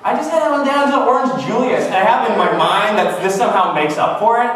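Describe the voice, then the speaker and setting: A man in his twenties from Canada riffs in a wry, self-mocking monologue, his high voice bouncing all over. He sits well back from the mic, and the room rings with echo. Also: expressive, fairly quick, a bit bright. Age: 20s. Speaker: vlogger. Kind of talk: casual comic monologue. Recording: echoey room, far from the mic.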